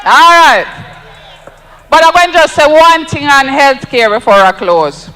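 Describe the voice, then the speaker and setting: A man's voice: extremely high pitch, animated, a little slow, bright, forceful tone, big-room sound, faint music behind, some chatter behind, poor audio. A Jamaican man giving an emphatic, rousing campaign speech at an outdoor rally, repeating lines for effect. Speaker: political speaker at a rally.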